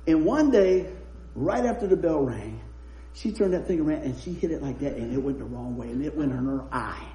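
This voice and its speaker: A man's voice: on the high side, expressive, moderate pace, dark tone. A man preaching a sermon, chatty and laughing as he tells anecdotes. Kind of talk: sermon with humorous storytelling. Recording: roomy echo.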